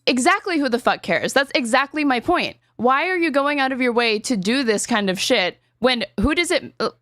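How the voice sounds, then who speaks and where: A woman's voice: high-pitched, expressive, a bit bright, no echo, studio quality. Argumentative woman in casual political chat. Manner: rapid, argumentative, heavy on filler words and swearing. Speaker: podcast host.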